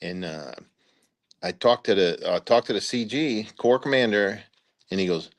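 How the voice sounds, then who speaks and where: A man's voice: on the low side, expressive, moderate pace. An older man, a retired army officer, telling rambling anecdotes in a casual interview, full of "uh" fillers and acted-out quotes. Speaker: retired brigadier general telling war stories.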